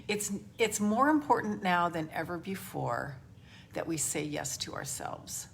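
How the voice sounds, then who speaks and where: A woman's voice: lowish voice, animated, unhurried, vocal fry, slight background noise. Effusive woman hosting a spiritual live stream. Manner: effusive, greets viewers by name. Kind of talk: spiritual live-stream talk with guided grounding. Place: home live stream at her computer. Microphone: camera she holds or adjusts.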